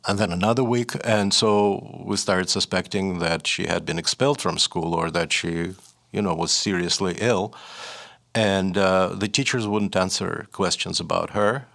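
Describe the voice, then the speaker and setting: A man's voice: low-pitched, creaky, a bit bright. An older man from Leningrad with a Russian accent, a writer telling his story as an interview guest, hesitant with many fillers and restarts. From Leningrad, Soviet Union.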